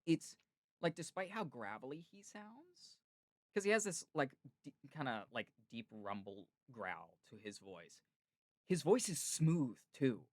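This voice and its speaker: A man's voice: mid-range voice, big pitch swings, measured pace, no room sound. Chatty male podcast host, enthusiastic, filler-heavy, dry close sound. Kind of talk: casual chat.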